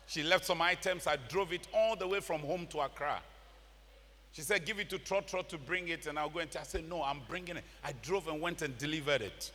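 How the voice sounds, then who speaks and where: A man with a Ghanaian accent preaching a sermon, animated, breaking into laughter and shouts. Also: on the high side, a little fast, big-room sound, a little hiss or hum. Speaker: pastor. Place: large church.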